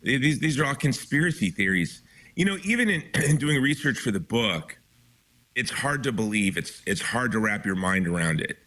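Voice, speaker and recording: A man's voice: medium pitch, lively intonation, normal speed, sharp tone. A man being interviewed as a guest author, speaking with urgent emphasis and frequent restarts. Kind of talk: impassioned interview talk.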